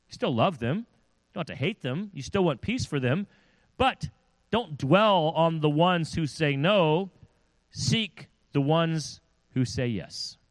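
A male pastor preaching a sermon in a church, animated, acting out the voices he quotes. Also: a little high, no echo, rough recording.

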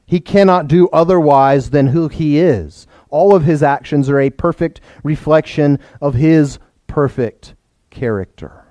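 A man's voice: a little high, unhurried, dark tone, no echo. A man preaching a sermon to his church, explaining plainly and putting questions to the children. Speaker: pastor.

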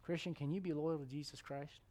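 Animated preacher, higher voice. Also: male voice, fairly quick. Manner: animated storytelling, acts out quotes, drops to hushed tones. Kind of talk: sermon.

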